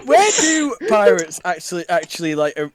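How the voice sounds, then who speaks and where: A man's voice: sits high, big pitch swings, moderate pace, over a noisy crowd. A man chatting casually and rambling through asides on a podcast. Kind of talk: casual chat among friends.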